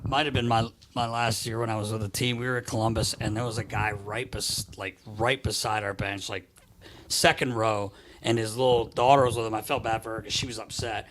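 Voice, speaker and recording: Co-host, man, lively rink storyteller, slight background noise. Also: on the low side, fairly quick. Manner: animated anecdotes, laughs often. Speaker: podcast co-host, former team equipment staff. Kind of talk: casual storytelling.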